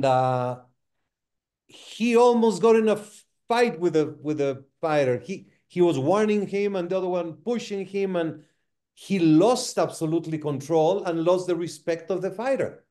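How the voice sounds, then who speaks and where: Brief: male seminar host, slightly higher voice, mellow, talks slowly and deliberately. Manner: measured, unhurried moderator. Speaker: host of referee masterclass. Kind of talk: online seminar discussion.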